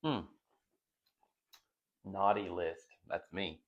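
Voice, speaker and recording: A man's voice: deep voice, drawn-out words, fairly bright tone, muffled recording. A middle-aged man hosting a casual home vlog from his dining room, chatty and rambling, often breaking into giggles. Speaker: vlog host.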